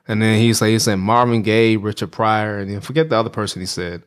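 A man co-hosting a casual chat, retelling stories in a relaxed way. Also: on the low side, fast, few pauses, smooth.

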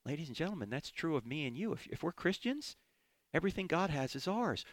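With a fairly high, sing-song voice at a slightly quick pace, a man teaches the Bible on his radio show, recorded dry through a studio mic. He talks emphatically, raising questions and answering them himself.

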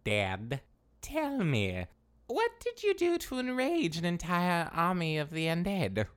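A man's voice: high-pitched, huge pitch swings, slow pace, clear, resonant tone, heavily acted. An actor playing a scheming young man who leads a skeleton revolt, talking sarcastically and breaking into staccato laughs. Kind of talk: comedy voice acting.

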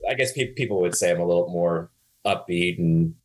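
Low-voiced man, stuffy with allergies. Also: brisk, darkish tone. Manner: subdued, low-key. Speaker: podcast guest.

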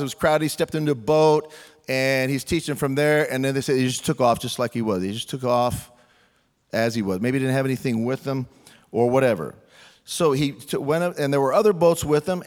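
A man preaching a sermon in a conversational, humorous way, often acting out quoted lines. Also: mid-range voice. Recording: reverberant hall.

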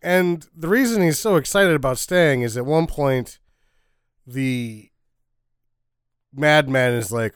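A man's voice: medium pitch, takes it slowly, pauses often, clear, resonant tone, no room sound, clean studio sound. Wry man recapping a film plot. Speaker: podcast co-host. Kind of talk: casual movie-review chat.

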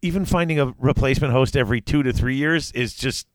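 A man hosts a podcast in relaxed, casual chat, often restarting and trailing off mid-thought. His voice sits at an ordinary pitch and is recorded close and dry, with no room sound. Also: quick pace, no room sound. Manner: rambling, with frequent restarts and trailing off. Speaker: podcast host.

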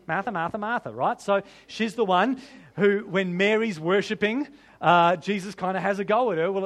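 A man preaching a sermon as pastor, conversational, with rhetorical questions to the congregation. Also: high voice.

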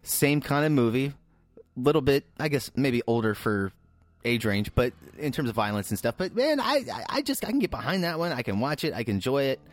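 A man at a middle pitch giving blunt, swear-laden opinions in casual podcast chat. His voice rises and falls a lot, and the sound is dry and close. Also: sing-song, fairly quick, no room sound. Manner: blunt, profane, dismissive. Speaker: podcast co-host. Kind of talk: casual chat, movie review.

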